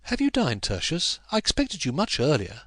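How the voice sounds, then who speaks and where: In a storybook reading, a man performs a composed, coolly playful young wife, speaking lightly in a full character voice pitched above his natural one. The voice is a little high and fairly bright, with wildly swooping pitch, normal speed, and no room sound.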